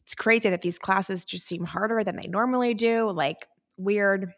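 A young woman in easy podcast chat, filling her talk with casual fillers. Her pitch sits in a middle range for a woman. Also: normal speed. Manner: chatty, lots of "like" fillers. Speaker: podcast co-host.

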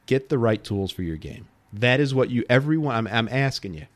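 Animated thirties man hosting a podcast. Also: medium pitch, brisk. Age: 30s. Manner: emphatic, animated, addresses listeners directly. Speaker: podcast host. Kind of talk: solo podcast talk.

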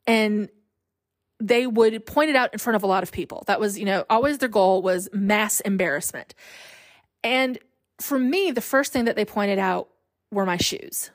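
A woman's voice: mid-range voice, normal speed, no echo. Candid woman telling her story, dry close mic. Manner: candid and self-deprecating, laughing at memories. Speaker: podcast host. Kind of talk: personal storytelling.

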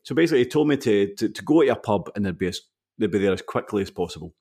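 A Scottish man co-hosts a casual podcast. He has a husky, fairly low voice and tells anecdotes with animated energy. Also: very fast. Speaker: podcast co-host.

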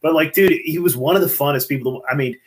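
A man talking in a casual, profane, excitable way on a podcast, telling stories with lots of swearing. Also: fairly high pitch, fast, slight background noise. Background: baby crying in another room.

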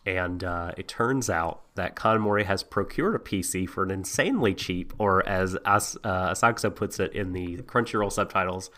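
A man's voice: low voice, normal speed, hardly any pauses, bright, forceful tone. A man co-hosting a podcast, casually recapping an anime episode with frequent laughs and many ums. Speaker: podcast co-host.

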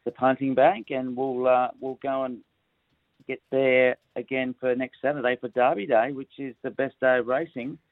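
A man, a sports commentator on radio, bantering in a relaxed way. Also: medium pitch, normal speed, dry recording. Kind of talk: casual sports radio chat. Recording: slightly dull studio sound.

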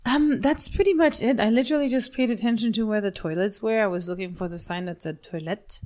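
A woman's voice: medium pitch, a little fast, a little mellow. A woman in her forties co-hosting a podcast, telling a race story in casual chat and laughing at herself. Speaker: podcast co-host.

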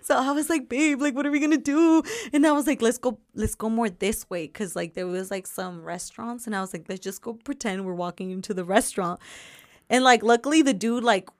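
A young woman telling a story in casual chat, animated, saying "like" a lot and laughing often. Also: mid-range voice, brisk, no echo, studio quality.

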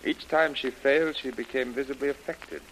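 An actor playing a grave hospital doctor, calm and clinical, in a hissy old radio drama. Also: male voice, medium pitch, normal speed, close to an everyday voice, rough recording. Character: grave hospital doctor, middle-aged man. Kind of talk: 1930s radio drama acting.

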